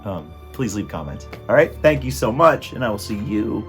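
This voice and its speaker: A man reading a children's novel aloud in an expressive, dramatic way. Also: fairly low pitch, normal speed, soft background music. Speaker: storybook reader.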